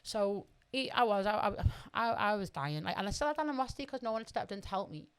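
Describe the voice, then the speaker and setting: A woman's voice: medium pitch, very animated, quick pace, clear, resonant tone. A middle-aged woman, a podcast guest telling her story bluntly and with lots of swearing. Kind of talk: candid conversational storytelling.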